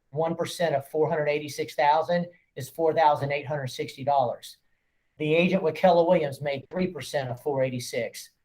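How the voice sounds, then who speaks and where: A man's voice: fairly high pitch, darkish tone. A man, a real estate broker, casually training agents in a folksy, joking way. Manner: folksy, joking, acts out quotes. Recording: echoey room, voice off-mic.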